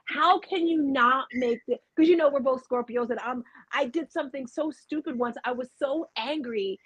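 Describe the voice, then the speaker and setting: A woman hosting a casual chat, telling candid, joking stories in an animated way. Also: high-pitched, moderate pace, husky, no room sound, dull audio. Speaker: host.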